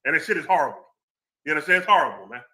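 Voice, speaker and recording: Former cop, male, high lively bright voice, slangy storyteller. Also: rapid-fire. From American Southwest. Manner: street slang, animated storytelling. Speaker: former law enforcement. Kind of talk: casual chat.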